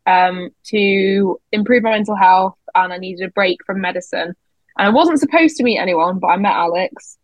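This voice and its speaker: A woman's voice: medium pitch, no echo, lo-fi sound. A woman in her twenties chatting on a podcast, reflective and articulate, with a dry sense of humour. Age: 20s. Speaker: podcast co-host. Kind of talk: casual chat.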